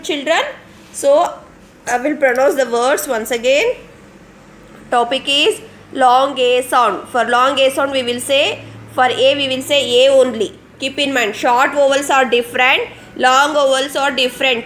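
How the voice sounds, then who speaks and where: A woman's voice: sits high, a bit bright, slight background noise. A woman teacher with an Indian English accent giving an online phonics lesson to young children, spelling words out letter by letter and repeating them patiently. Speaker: kindergarten teacher.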